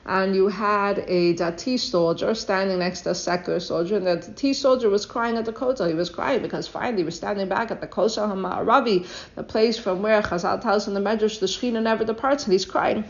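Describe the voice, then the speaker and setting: A woman's voice: mid-range voice, a little fast. A woman teaching a weekly Torah lesson in an earnest, exhorting way, full of rhetorical questions, on a dull lo-fi recording.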